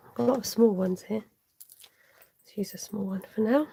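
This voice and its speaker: A woman's voice: medium pitch, moderate pace, creaky, dark tone, husky. A woman hosting a live card-making tutorial, chatting to viewers and muttering half-whispered asides to herself as she works. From United Kingdom. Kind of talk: live-streamed craft tutorial.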